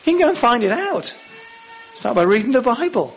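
A man preaching a sermon, acting out the lines of the Bible characters with lively emphasis. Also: extremely high pitch, brisk, breathy edge.

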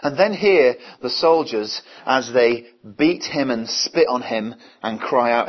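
A man's voice: mid-range voice, animated, slow, few pauses. A man preaching a sermon earnestly, asking his listeners many rhetorical questions. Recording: dull, lo-fi recording.

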